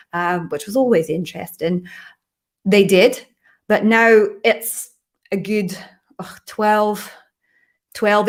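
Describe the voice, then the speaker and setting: A woman's voice: medium pitch, close to an everyday voice. A woman putting on a Scottish accent to give career advice in a playful way, recorded in an echoey home office. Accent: put-on Scottish.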